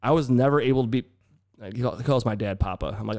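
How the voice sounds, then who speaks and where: A man in his thirties hosting a relaxed podcast chat with friends. He talks fast and tells stories with energy, throwing in loud acted-out quotes. His voice sits at an ordinary pitch. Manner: animated storyteller, acts out quotes loudly. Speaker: podcast co-host. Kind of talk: casual chat among friends.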